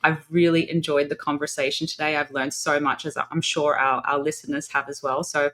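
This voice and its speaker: Woman host, very low voice, eager interviewer, lots of fillers. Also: level tone, fairly quick. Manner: warm, enthusiastic interviewer with fillers. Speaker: podcast host. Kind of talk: podcast interview.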